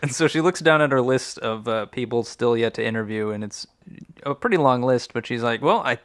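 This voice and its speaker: A man's voice: mid-range voice, a little fast, no room sound. A young man co-hosting an improvised comedy podcast, with a mid-range voice recorded close and very dry. He keeps his turns of the story wry and understated. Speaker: podcast co-host.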